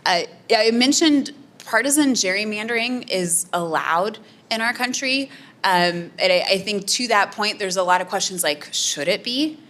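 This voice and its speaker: This Midwestern American woman, a political scientist, fields audience questions at a community center meeting, earnestly explaining and often saying "um" and "right?". She speaks at a normal speed in a mid-range voice that is a bit bright, with lively intonation.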